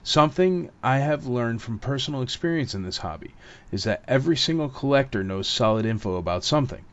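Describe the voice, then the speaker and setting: A man's voice: mid-range voice, expressive, fairly quick. A man hosting an interview podcast, laid-back and jokey with his guest. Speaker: podcast host. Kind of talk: casual interview chat. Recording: dull lo-fi audio.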